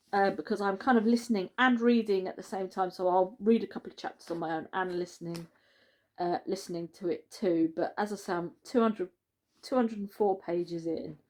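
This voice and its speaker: A woman's voice: mid-range voice, slight background noise. Chatty woman rambling about her reading. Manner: chatty, rambling, corrects herself mid-sentence. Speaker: book vlogger. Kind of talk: casual chat to camera.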